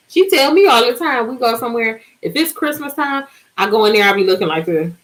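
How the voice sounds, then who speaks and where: A woman's voice: on the high side, rough recording. Chatty woman in her forties. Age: 40s. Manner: animated, chatty storytelling with drawn-out words. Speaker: livestream host. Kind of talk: casual live-stream chat with viewers.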